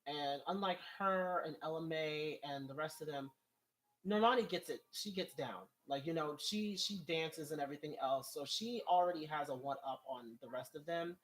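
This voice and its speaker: A man with a fairly high, fairly bright voice talks at normal speed in a casual vlog. He reads viewer comments and rambles in exasperation, laughing often, his voice climbing when he gets worked up.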